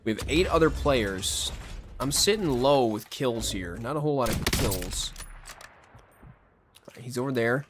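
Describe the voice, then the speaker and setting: A male game streamer talking casually to his viewers as he plays. His pitch swings up and down a lot, and he keeps a jokey, chatty tone throughout. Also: lively intonation, a little slow, long pauses, noisy background. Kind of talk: casual livestream chat over gameplay.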